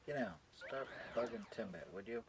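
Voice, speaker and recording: Man talking to his dogs, middle pitch, coaxing, scolding, casual swearing, faint noise behind. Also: normal speed. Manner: scolding and coaxing pets, swearing, baby talk. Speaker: streamer. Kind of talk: casual talk to his dogs while streaming.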